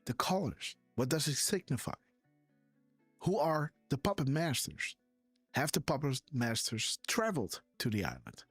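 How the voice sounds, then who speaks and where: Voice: medium pitch, no echo. A host of a live-stream show, chatting casually with viewers as "guys" and tagging almost every sentence with "right?". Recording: dry close sound with faint music behind.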